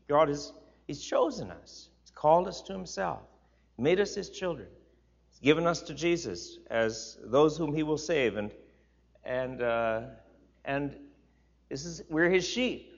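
A man's voice: medium pitch, expressive, unhurried. A man teaching a Bible class in an informal sermon, chatty and emphatic, repeating words for stress and turning to listeners with asides. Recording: slightly dull, lo-fi recording.

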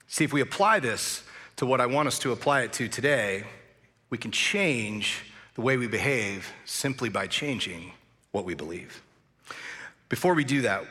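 Bright-voiced male pastor in reverberant hall. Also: medium pitch, expressive, a little fast. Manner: conversational storytelling with frequent "uh" fillers. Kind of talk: sermon. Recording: long church hall reverb.

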